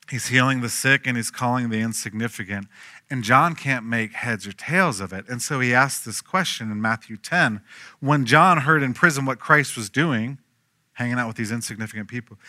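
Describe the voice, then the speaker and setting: A man preaching a sermon, telling stories with lively acted-out voices and swinging from hushed to loud. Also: medium pitch, no room sound, clean studio sound. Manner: animated storytelling, acting out quoted voices, swinging from hushed to loud. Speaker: pastor.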